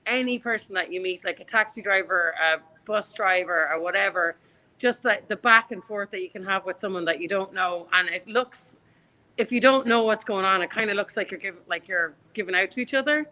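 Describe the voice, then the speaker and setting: A woman's voice: mid-range voice, fairly quick, sharp tone, low-quality recording. An Irish woman in her thirties, a bar co-owner, chatting as a guest in a casual interview, telling stories with many restarts. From Ireland.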